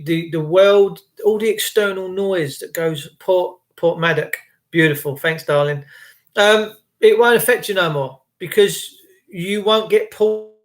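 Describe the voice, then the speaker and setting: A man giving an impassioned, rambling motivational monologue to camera. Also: high voice. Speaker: vlogger.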